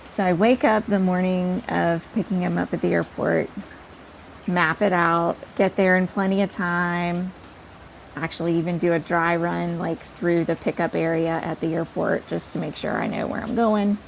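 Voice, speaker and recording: A woman podcast host telling a personal story in an animated, self-deprecating way. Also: lowish voice, moderate pace, gravelly, slight background noise, poor audio.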